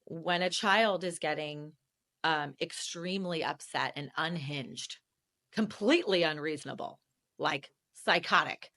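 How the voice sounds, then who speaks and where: A woman guest on a podcast, telling candid personal stories in an animated, conversational way and laughing often. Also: low-pitched, measured pace. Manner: animated, laughs often, acts out quoted voices. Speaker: real estate agent, podcast guest.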